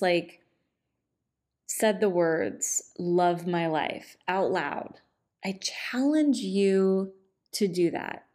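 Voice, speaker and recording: A middle-aged woman hosting a podcast, talking off the cuff in a relaxed, chatty way, with many fillers, into a microphone. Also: medium pitch. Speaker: podcast host and divorce coach.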